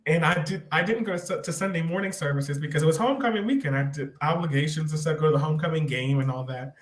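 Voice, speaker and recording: Man, podcast guest, rambling animated storytelling, slightly high voice, echoey room. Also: fast. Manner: rambling, animated retelling with restarts. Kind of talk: personal storytelling in an interview. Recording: roomy echo.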